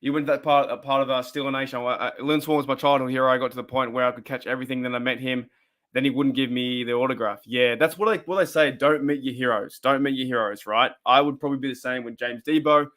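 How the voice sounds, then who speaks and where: The Australian host of a casual fan livestream talks fast in a medium-pitched, fairly bright voice with fairly even intonation. He chats and rambles, reading out comments from viewers.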